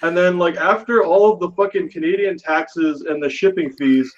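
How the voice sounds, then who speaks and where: A man's voice: fairly high pitch, moderate pace, dull audio. A man on a casual podcast panel, brash and profane, joking around and talking with his mouth full.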